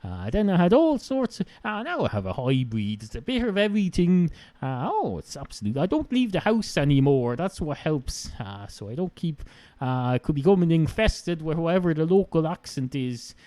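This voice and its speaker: A man's voice: fairly high pitch, big pitch swings, moderate pace, dark tone, no echo. A man with an Irish accent hosting a solo podcast, rambling sardonically with many fillers. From Ireland. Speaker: podcast host.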